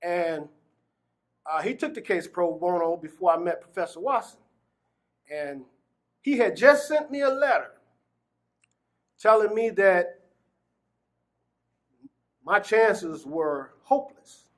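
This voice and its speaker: A man with a notably high voice for his sex recounts his own story in an interview. He is from Gary, Indiana. He acts out the dialogue he quotes and often laughs between phrases. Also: expressive, slow pace, long pauses. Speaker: exoneree telling his story. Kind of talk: personal testimony in an interview.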